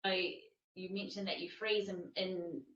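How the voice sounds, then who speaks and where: A woman's voice: fairly low pitch, flat delivery, unhurried, a bit bright, reverberant, recorded from a distance, muffled recording, a little hiss or hum. A woman coach teaching a masterclass, talking emphatically and repeating phrases for stress.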